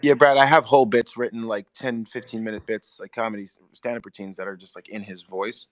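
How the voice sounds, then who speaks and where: A man co-hosting a podcast in casual chat, animated and acting out a comedian's bits. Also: on the low side, quick pace. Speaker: podcast co-host.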